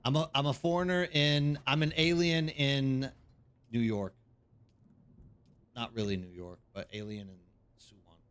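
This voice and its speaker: A man's voice: medium pitch, measured pace, pauses often, a bit bright, smooth. A man hosting a live game stream, chatting casually and rambling while greeting viewers by name. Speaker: streamer host.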